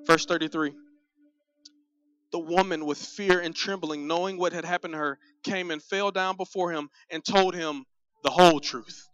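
A man who is a pastor, preaching a sermon in an animated, conversational way. He speaks straight to the congregation and does comic voices for the people in his stories. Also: fairly high pitch, no echo. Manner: conversational, addresses the congregation directly. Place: church sanctuary. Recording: dull, muffled sound with faint music.

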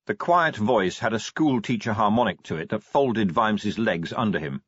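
Male audiobook narrator, low voice, dry studio sound, slightly dull. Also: expressive, normal speed, hardly any pauses, slightly rough, dry recording. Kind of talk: scripted narration.

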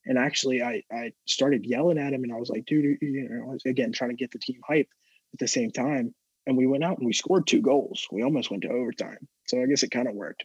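A young man tells a story on a podcast in a husky voice, stumbling and repeating his words. The recording is dry and a little dull and lo-fi. He keeps it loose and casual, with plenty of swearing. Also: mid-range voice, dry recording. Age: young adult. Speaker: podcast co-host.

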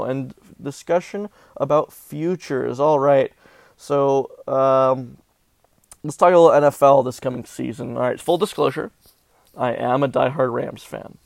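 A man with a gravelly, creaky voice hosts a sports betting show in casual chat. He's animated and melodramatic, mocking himself over his losses. The sound is dry and close to the mic. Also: mid-range voice, dry recording. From Southern California. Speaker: sports betting podcast host.

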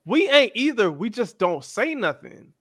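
Man in his thirties, lively pitch, bright forceful voice, dry close sound, slangy podcast chat. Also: unhurried, no echo. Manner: animated, slangy, acts out quotes. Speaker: podcast co-host. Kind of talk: casual chat.

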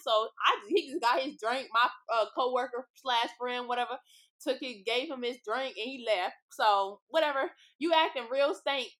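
With a high-pitched, sharp voice, the young woman from LA continues her casual podcast storytelling. It's blunt, profane, and chatty, peppered with "like" and "y'all," recorded beside a street with passing cars.

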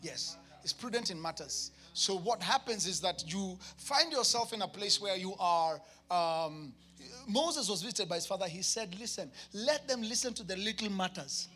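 A man with a Kenyan accent preaching a sermon to his church, emphatic, with shouted peaks and comic asides. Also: high voice, expressive, moderate pace, hardly any pauses. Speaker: pastor.

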